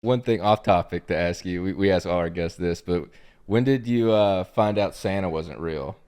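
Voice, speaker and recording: A man's voice: deep voice, normal speed, a little mellow, clear, resonant tone. A man co-hosting a podcast, laid-back and laughing along with his guest. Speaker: podcast co-host. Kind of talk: casual podcast chat.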